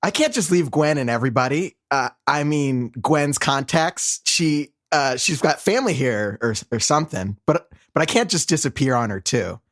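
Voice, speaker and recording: A man's voice: fairly high pitch, expressive, normal speed, fairly bright tone, dry recording, studio quality. A man reading a nervous young werewolf son who stammers and hesitates, in a script table read. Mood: flustered.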